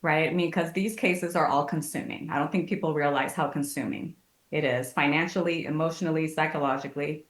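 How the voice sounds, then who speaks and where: A woman's voice: low-pitched, brisk. A woman, a guest family advocate, telling stories in a casual podcast interview and acting out the people she quotes. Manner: animated storytelling, acts out quotes. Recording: echoey room.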